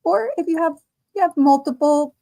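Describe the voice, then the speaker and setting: A woman's voice: extremely high pitch, creaky, warm tone. A woman hosting a casual crochet livestream, reading out chat comments and laughing often while she crochets. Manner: slow, chatty, laughs often. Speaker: livestream host.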